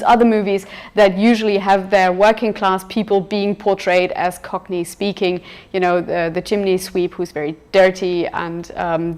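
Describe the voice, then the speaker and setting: A woman leads a university seminar over a video call, explaining at an easy conversational pace. She fills pauses with ums and often restarts her sentences. Her voice sits at a middling pitch. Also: a little mellow. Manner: conversational, many fillers and self-corrections. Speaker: university lecturer. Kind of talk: seminar lecture with discussion.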